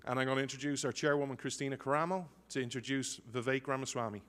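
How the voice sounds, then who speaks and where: A man's voice: medium pitch, level tone, racing, a bit bright. A man emceeing on stage, apologizing for a delay and filling the time with jokes in a chatty way. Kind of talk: joke-telling stage banter. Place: large conference hall. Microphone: stage microphone. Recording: long hall reverb.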